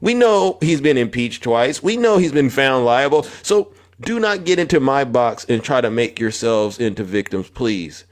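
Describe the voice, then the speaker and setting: This man hosts a political livestream in a confrontational, preachy manner. He keeps repeating phrases, his pitch rising on emphatic lines, and he calls out viewers by name one at a time.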